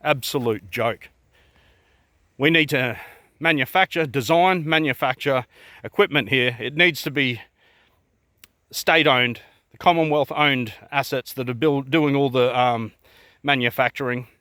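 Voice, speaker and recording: A man's voice: mid-range voice, unhurried, pauses often, pushed and bright, no room sound, clean studio sound. An Australian man ranting to camera in a blunt, profane way, firing off rhetorical questions. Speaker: vlogger.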